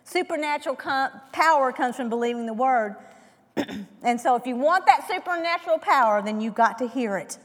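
A woman with a high voice preaches a sermon, throwing rhetorical questions at her listeners. She swings between loud, emphatic lines and hushed, almost whispered ones, and her voice trails off into the long reverb of a church hall. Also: animated, normal speed.

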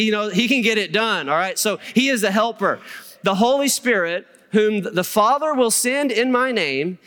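A middle-aged male pastor preaches in an animated, storytelling way, his high, bright voice clear and smooth. His words ring out with a long reverb that fills the church hall. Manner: animated storytelling with humor and asides to the congregation. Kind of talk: sermon. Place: church sanctuary.

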